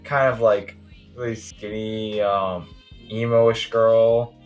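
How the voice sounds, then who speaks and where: A man's voice: lowish voice, flat delivery, takes it slowly, highs cut off, soft background music. Hesitant young man reacting casually. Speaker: podcast guest. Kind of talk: casual chat.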